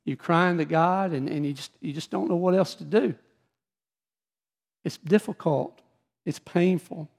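Pastor preaching, slightly high-voiced man. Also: vocal fry. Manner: reads scripture aloud, then drops soft and slow when telling his own suffering. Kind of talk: sermon.

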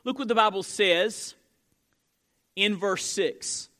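A man's voice: high-pitched, takes it slowly, sharp tone. A man preaching a sermon, asking the congregation rhetorical questions and using frequent fillers and restarts. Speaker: pastor.

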